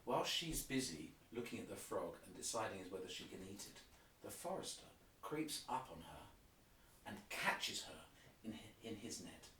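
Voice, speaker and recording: Speaking on the low side but very animated, at normal speed, a man's pushed, bright voice guides listeners through an opera scene by scene, singing brief motifs along the way. Recorded from a distance in a roomy space with piano, the clip carries a little hiss or hum.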